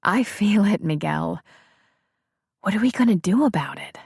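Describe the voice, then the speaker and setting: A woman reading the part of a woman newly in love in an audiobook, with soft, breathy, wondering delivery. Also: medium pitch, lively intonation, normal speed, no room sound, clean studio sound, full character voice. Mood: playful.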